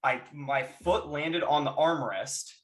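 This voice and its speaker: A man chatting casually on a podcast, telling stories with lively energy and shouting out the lines he quotes. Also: fairly high pitch, slow. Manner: animated storyteller who shouts out quoted lines. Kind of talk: casual chat, reminiscing.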